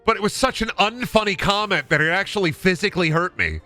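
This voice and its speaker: A man's voice: sits high, quick pace, sharp tone, soft background music. A man streaming a game, chatting to his audience in a rambling, exaggerated way. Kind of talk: casual live-stream chat.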